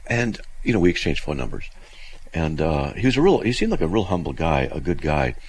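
A man hosting a call-in radio show, telling a story in a lively, animated way with many restarts. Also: very deep voice, brisk, a little hiss or hum, rough recording. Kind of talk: casual call-in radio talk.

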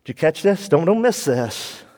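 High-voiced guy preaching slow and animated, acts out the voices, big echoey hall. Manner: animated, acts out quoted voices, laughs often. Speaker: pastor. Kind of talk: sermon.

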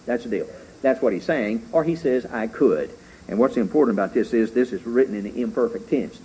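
A middle-aged man preaching a sermon as pastor, fervent and rising loud when he reads scripture. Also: mid-range voice, expressive, a little fast, breathy edge, rough recording.

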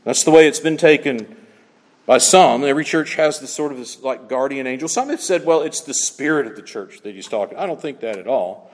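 A man preaching a sermon, swinging between loud emphatic lines and hushed asides. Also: medium pitch, expressive, brisk, in a large hall.

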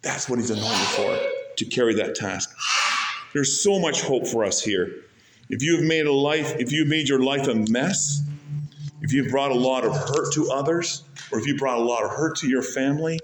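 A man preaching a sermon, swinging between loud rising peaks and soft low passages, slowing way down to stretch key phrases. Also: animated, roomy sound, slight background noise. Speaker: pastor.

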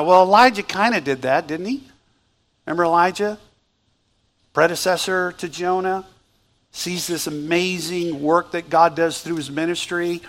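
A male pastor preaching a sermon as lively storytelling, asking the congregation questions. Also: on the high side, normal speed.

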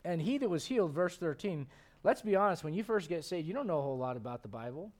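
A man in his thirties, a pastor preaching a lively, conversational sermon with frequent restarts. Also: on the high side, quick pace.

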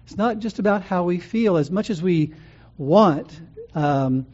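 A man's voice: high-pitched, animated, unhurried, a little mellow. A man preaching a sermon as pastor, teaching in a conversational way with frequent ums and restarts. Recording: muffled lo-fi sound.

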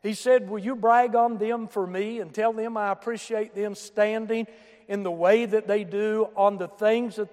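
A man preaching a fervent sermon to his congregation, moving between quiet asides and shouted emphasis. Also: high voice, big-room sound. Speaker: pastor. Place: church sanctuary.

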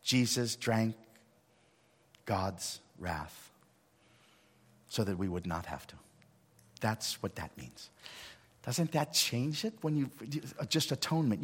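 A male pastor giving a sermon, swinging between hushed lines and loud emphatic ones. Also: mid-range voice, breathy edge. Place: church sanctuary. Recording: long hall reverb.

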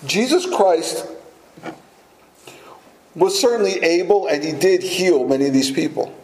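A man's voice: high-pitched, animated, unhurried, darkish tone. A man preaching a sermon, telling a personal story with small laughs and restarts before coming back to the scripture. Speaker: pastor. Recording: echoey room.

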